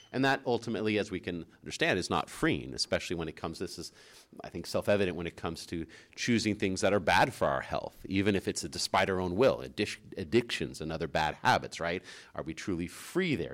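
A man co-hosting a Catholic talk show, teaching in a chatty way and laughing easily as he tells stories. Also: low voice. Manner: chatty storyteller, laughs easily, frequent "right?".

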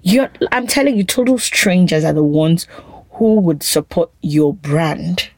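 A woman, co-hosting a casual chat and telling stories in an animated way. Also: on the low side, unhurried, no echo. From Nigeria. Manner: animated storytelling, quotes others in mocking voices. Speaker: podcast co-host.

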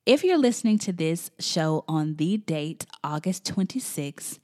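Low-voiced gushing woman podcast host. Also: animated, unhurried, dark tone. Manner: effusive, emotional, chatty. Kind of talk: faith and family podcast chat.

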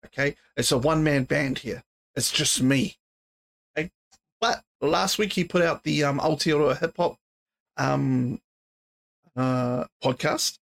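A fairly high, creaky male voice belongs to a podcast host chatting alone late at night. Tired and yawning, he rambles casually, with lots of fillers and swearing.

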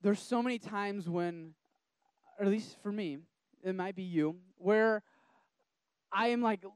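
Young male preacher, high clear voice, chatty and animated, dry close recording. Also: unhurried, no echo. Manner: conversational, animated, many restarts and fillers. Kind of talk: casual sermon to a group.

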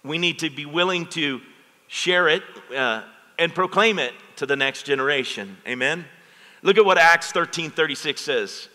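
Bright-voiced preaching pastor, man, in hall reverb. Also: a little high, normal speed. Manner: preaches with call-and-response asides to the congregation. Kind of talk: sermon. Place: church sanctuary.

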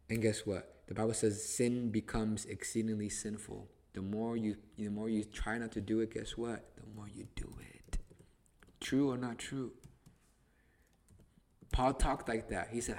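A man's voice: fairly low pitch, fairly even intonation, moderate pace, darkish tone. A man hosting a podcast, teaching the Bible in casual conversation, emphatic and repetitive, restarting phrases to stress them.

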